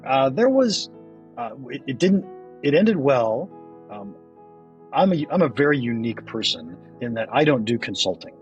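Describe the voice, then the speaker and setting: A man hosting a podcast, talking in a lively voice that rises and falls widely. He is self-deprecating, laughs easily and stumbles over repeated words when excited. Faint music sits behind him. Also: medium pitch, moderate pace. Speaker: podcast host. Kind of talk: casual interview chat.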